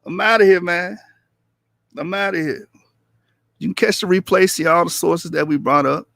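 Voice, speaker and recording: Stream host, male, slightly high-pitched, loose and teasing, dry close sound. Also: moderate pace, vocal fry, fairly bright tone, no room sound. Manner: loose, chatty, teasing, laughs often; addresses viewers in the chat directly. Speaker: livestream debate host. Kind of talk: casual livestream commentary.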